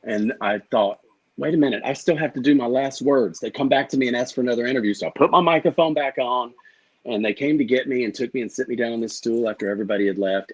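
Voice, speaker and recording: A man's voice: medium pitch, husky, poor audio. A middle-aged man guest candidly recounting an emotional story in an interview, swearing freely and acting out the exchanges. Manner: candid, profane, acts out quoted exchanges.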